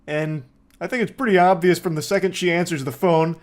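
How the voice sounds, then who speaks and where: A man's voice: on the high side, fairly even intonation, fairly quick. A man giving wry, sarcastic commentary on a video, laughing and swearing. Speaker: streamer reacting to video. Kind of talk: casual commentary.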